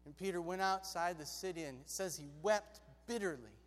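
High-voiced preacher in a big echoing hall. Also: male voice, fairly quick. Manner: lively, conversational, shifts between loud and hushed. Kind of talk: storytelling sermon.

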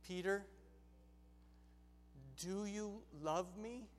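A quiet, patient teacher speaks gently and low in volume, as a preacher plays him. The voice sits fairly high. It carries a long reverb in a large hall. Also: male voice, big pitch swings, unhurried, noisy background. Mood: tender. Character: calm, patient male teacher, Jesus.

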